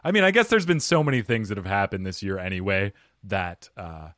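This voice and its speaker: A man hosting a podcast, relaxed and quick to laugh with his guest. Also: on the low side, dry recording, clean studio sound. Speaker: podcast host. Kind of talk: casual podcast chat.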